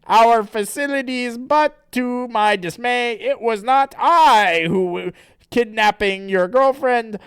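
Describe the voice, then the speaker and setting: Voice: medium pitch, fairly bright tone, clear, resonant tone, dry recording, clean studio sound, voice pushed up. A streamer voicing a smug young villain who talks in a stiff, grandiose way. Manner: stiff and grandiose, slow, stumbling over words.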